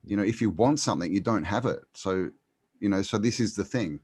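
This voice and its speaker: A man speaking in a very low voice, recorded dry and close. He talks as a guest in a relaxed conversation, pausing often with ums and restarting his sentences. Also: slightly rough, no room sound. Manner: hesitant, many ums and restarts. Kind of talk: casual conversation.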